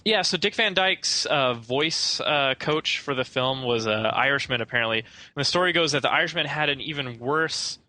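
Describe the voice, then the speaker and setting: Halting, bright-voiced podcast guy. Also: mid-range voice, animated. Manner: rambling and hesitant, full of "I don't know". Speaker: podcast co-host. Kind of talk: casual film discussion.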